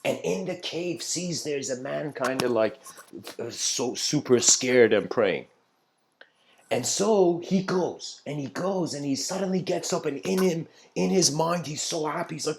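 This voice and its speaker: A man's voice: on the high side, animated, unhurried, gravelly, slight background noise. Man telling a spiritual story casually. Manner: loose and conversational, many fillers and restarts, laughs at his own asides. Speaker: speaker giving a spiritual talk.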